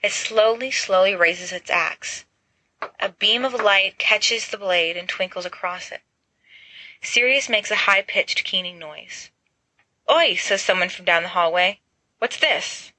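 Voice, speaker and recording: A woman narrating an audiobook in a lively way, putting on voices for each character. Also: mid-range voice, unhurried, low-quality recording. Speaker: reader.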